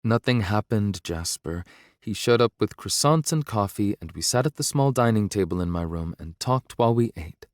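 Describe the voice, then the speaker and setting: A man voicing a gentle young woman in an audiobook, speaking softly and earnestly. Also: lowish voice, expressive, moderate pace, dry recording, clean studio sound, close to an everyday voice. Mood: tender, pleading.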